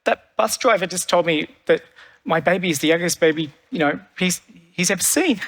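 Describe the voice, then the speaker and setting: A man's voice: high-pitched, brisk, a bit bright. A man briefly voicing an upset young mother on a bus in a joke, with stumbling, flustered speech, in a large reverberant hall.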